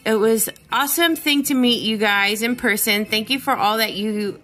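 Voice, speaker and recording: A woman's voice: a little high, normal speed, a bit bright, soft background music. A woman vlogger chatting casually as she opens gifts and reads cards aloud, gushing with frequent exclamations. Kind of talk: casual chat.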